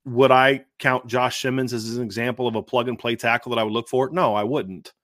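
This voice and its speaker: A man co-hosting a sports podcast, talking with his usual mid pitch. He pushes his points hard, restarts sentences and keeps asking rhetorical questions. His voice is close and dry, with no room sound. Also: steady tone, brisk, fairly bright tone, dry recording. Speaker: podcast co-host, football analyst. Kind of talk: casual sports podcast chat.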